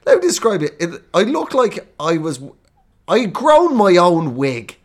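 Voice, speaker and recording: An Irish man co-hosting a comedy podcast, telling stories in a lively way and laughing through his lines. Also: high-pitched, measured pace. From Ireland. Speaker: podcast co-host. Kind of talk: comedic storytelling chat.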